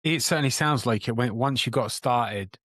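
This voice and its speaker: Male interview host with halting, repetitive questions, mid pitch, dry recording. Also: fairly bright tone, dry recording. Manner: halting, repeats words while framing questions. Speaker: podcast host.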